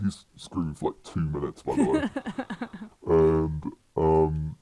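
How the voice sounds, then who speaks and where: A young man with a British accent and an extremely deep voice tells a story on a podcast. His tone is dark and mellow, and his telling rambles along with many fillers and restarts. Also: a little slow, no echo. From United Kingdom. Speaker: podcast guest. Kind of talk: casual storytelling.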